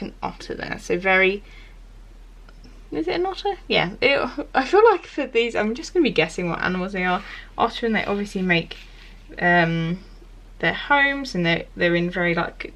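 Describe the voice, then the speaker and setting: A woman talks through a tarot card spread in a relaxed, chatty way. She keeps stopping and restarting as she guesses at the animals on the cards, and she speaks to the viewer in a gentle, encouraging tone. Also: medium pitch, normal speed. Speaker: tarot reader. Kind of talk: casual tarot reading to camera.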